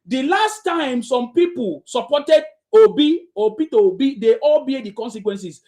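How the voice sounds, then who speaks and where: A man's voice: very high voice, lively intonation, a little slow, darkish tone. A man hosting a heated live talk room, lecturing listeners in a repetitive, confrontational way.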